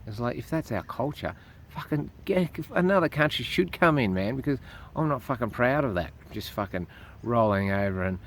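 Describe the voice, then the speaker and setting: A man's voice: mid-range voice, lively intonation, moderate pace, a little hiss or hum. An Australian man ranting profanely and indignantly to camera as a vlogger. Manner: indignant, swears heavily.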